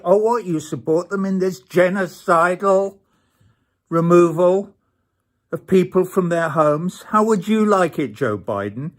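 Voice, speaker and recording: Older guy, fed up and indignant, kinda high voice, going off in an angry rant. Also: takes it slowly. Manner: indignant, exasperated. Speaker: musician. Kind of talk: angry rant, played clip.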